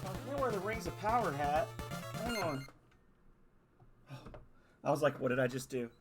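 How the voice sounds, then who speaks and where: A man streaming a video game live, chatting excitedly with viewers and laughing often. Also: a little high, moderate pace. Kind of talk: live-stream gaming commentary. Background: video game music.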